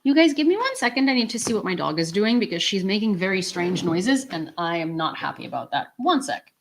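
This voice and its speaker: A woman's voice: mid-range voice, big pitch swings, a little fast, creaky, a little hiss or hum, poor audio. A woman from Ukraine, hosting a casual livestream from home and chatting with many fillers. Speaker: host of a nightly news livestream.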